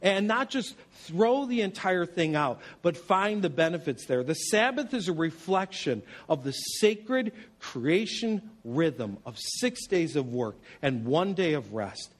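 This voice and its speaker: A man preaching a sermon as pastor, animated and humorous, telling stories and asking rhetorical questions. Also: fairly high pitch, measured pace, few pauses.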